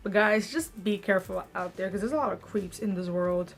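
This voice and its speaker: A woman's voice: medium pitch, brisk, faint music behind. A young woman vlogger telling a story in casual, chatty talk, full of "like" fillers.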